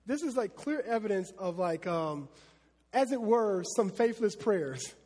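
A man preaching a casual Bible lesson, chatty and animated, with many fillers. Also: sits high, unhurried, in a large hall.

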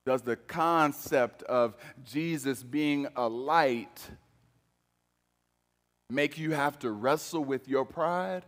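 A man preaching a sermon, moving between emphatic loud passages and hushed, low-voiced lines. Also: slow pace. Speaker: pastor. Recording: long reverb of a large hall.

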